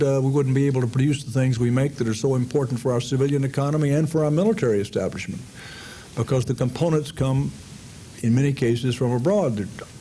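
Male lecturer, warm and unhurried, explaining policy at a podium; faint room noise. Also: mid-range voice, low-quality recording. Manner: measured, explanatory, with frequent uh fillers. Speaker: foreign policy speaker. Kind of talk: public lecture.

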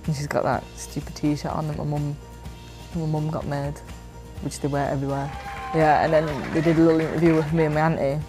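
A woman in her twenties from England, a professional footballer chatting casually and laid-back as she looks back over match footage. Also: low voice. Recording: background music under voice.

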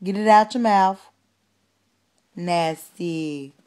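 A woman's voice: fairly low pitch, drawn-out words, darkish tone, slight background noise. A woman filming her baby at home, coaxing her in sing-song baby talk.

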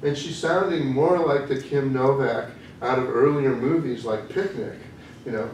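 A man giving an academic lecture, thoughtful and hesitant, often pausing with "um" as he works through his ideas. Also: medium pitch, a little mellow. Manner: thoughtful, hesitant with frequent ums. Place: lecture room. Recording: echoey room from a distance with faint noise.

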